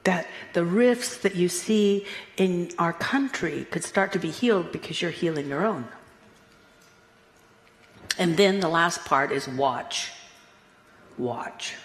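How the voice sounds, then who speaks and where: A woman minister giving a Sunday sermon in a playful, animated way, chuckling at her own asides. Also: lowish voice, slow, long pauses, husky, long reverb tail. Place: church sanctuary.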